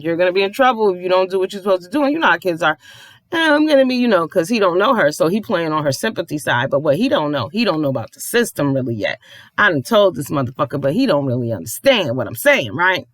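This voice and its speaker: A mother telling a long story in a casual rant, profane and animated, acting out the people she quotes. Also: fairly low pitch, fast, no echo.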